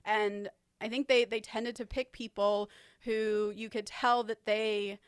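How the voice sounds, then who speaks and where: A woman talks casually as a podcast co-host, chatty and quick to laugh. Her voice sits in a middle pitch. The sound is close and dry, with no room echo. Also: level tone, clean tone.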